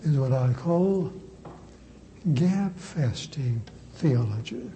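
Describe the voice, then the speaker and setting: A man, a priest, preaching a sermon with slow, emphatic repetition. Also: on the high side, expressive, mellow, a little hiss or hum, low-quality recording.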